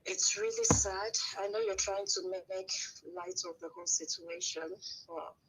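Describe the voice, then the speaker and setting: A woman's voice: mid-range voice, huge pitch swings, normal speed, husky, low-quality recording. A woman calling in to a talk show, sounding worried and anxious. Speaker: caller. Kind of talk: phone-in call.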